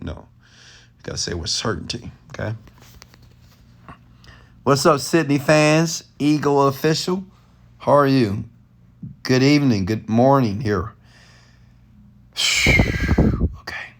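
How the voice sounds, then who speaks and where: There's a little hiss or hum as a man with a mid-range voice speaks slowly and animatedly, with long pauses. He's an entrepreneur and mentor hosting a late-night live Q&A from his bed at home, rambling off the cuff, passionate, and often raising his voice.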